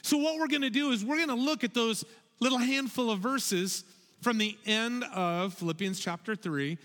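High, bright-voiced man preaching to kids. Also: normal speed. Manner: animated, calls for audience repetition. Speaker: children's pastor. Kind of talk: children's sermon. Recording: long hall reverb.

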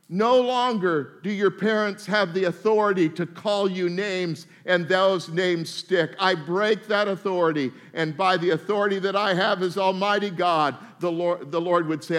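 Male pastor, high-pitched, humorous folksy sermon delivery. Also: measured pace, fairly bright tone. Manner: folksy, humorous preaching that slips into mock voices.

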